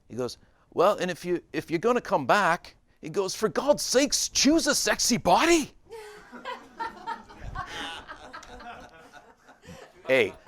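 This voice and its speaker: A man giving a casual spiritual talk to a small audience, rambling, with many restarts and fillers. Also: sits low. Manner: rambling, many restarts and fillers, animated when telling a joke.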